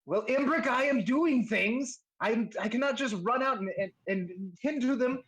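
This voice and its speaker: A man's voice: very high-pitched, moderate pace, fairly bright tone, pitched above the performer's own voice, rough recording. A man voicing a grumpy, impatient male armorsmith who scolds his husband, in a tabletop game. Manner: complaining, scolding. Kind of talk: tabletop role-play voicing.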